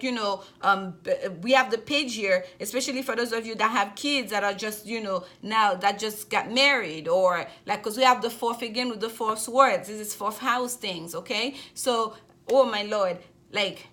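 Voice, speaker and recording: A woman's voice: a little high, moderate pace, sharp tone. A woman giving a general tarot reading to camera as the host, talking effusively and repeating her phrases often. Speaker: tarot reader.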